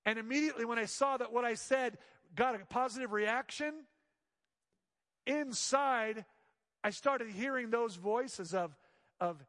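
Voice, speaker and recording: A man preaching a sermon as pastor, swinging between loud emphatic lines and hushed soft ones. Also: very high voice, measured pace, in a large hall.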